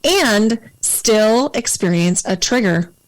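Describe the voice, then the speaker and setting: A woman hosting a podcast interview, speaking in a calm, measured and reflective way. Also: mid-range voice, rough recording. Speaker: podcast host. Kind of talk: casual conversational interview.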